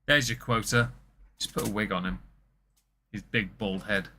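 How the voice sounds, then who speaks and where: A man's voice: on the low side, fairly even intonation, moderate pace, bright, forceful tone. A man from southern England with a posh southern English accent, co-hosting a casual political commentary chat, wry and chatty with a slight stammer now and then. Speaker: podcast co-host.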